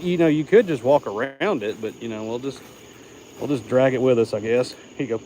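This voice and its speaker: A man's voice: mid-range voice, a little fast, dark tone. A man livestreaming from outdoors at night, coaxing his pet and chatting casually, a little out of breath. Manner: talks to his pet in coaxing baby talk between chatty asides. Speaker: livestream host caring for animals. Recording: noisy outdoor night recording with crickets.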